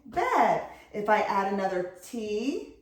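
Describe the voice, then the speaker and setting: A woman's voice: a little high, moderate pace. Patient middle-aged woman tutoring reading. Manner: patient, clearly sounds out syllables. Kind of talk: instructional video talk. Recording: echoey room.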